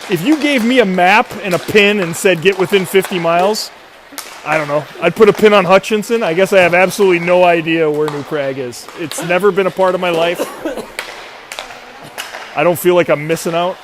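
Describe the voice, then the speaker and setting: A man's voice: sits high, brisk, background noise. A man doing chatty, rambling commentary on a youth hockey livestream. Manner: rambling, chatty, self-mocking.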